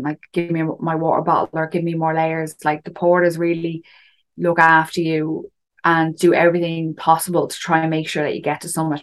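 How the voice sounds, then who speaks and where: A woman telling a story in a casual chat, full of fillers and asides. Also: deep voice. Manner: chatty, frequent fillers and "do you know". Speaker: guest recounting a climb.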